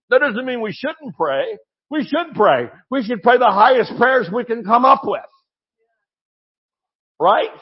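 Exuberant preacher man, high and unhurried. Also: expressive, lo-fi sound. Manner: exuberant, swings from shouting to low asides. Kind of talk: sermon.

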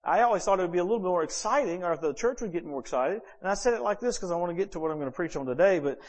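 A pastor preaches a sermon at a racing pace, telling stories in a lively, animated way with big swings in pitch and volume.

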